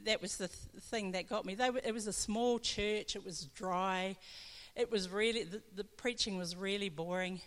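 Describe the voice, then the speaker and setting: Speaking at a moderate pace in a medium pitch, a woman pastor shares her personal testimony in a church hall, chatty and frequently laughing. The recording carries long hall reverb.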